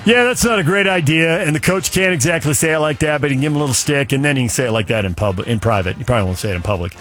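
A man's voice: a little high, lively intonation, rapid-fire, a bit bright, soft background music. Opinionated male sports radio host. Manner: rambling, opinionated, storytelling. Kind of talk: casual sports talk monologue.

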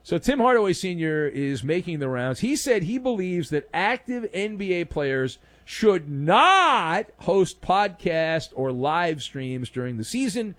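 A man's voice: high voice, sing-song, a little slow, hardly any pauses, fairly bright tone. A man hosting a daily sports talk show, delivering a sarcastic, emphatic monologue of opinions.

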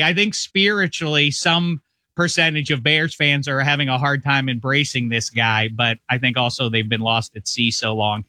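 A man from the Rust Belt talking sports on a video call, rambling and animated, with lots of restarts. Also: medium pitch, normal speed, no echo. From US Midwest, Rust Belt. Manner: rambling, animated, does mock voices. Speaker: football show host, guest.

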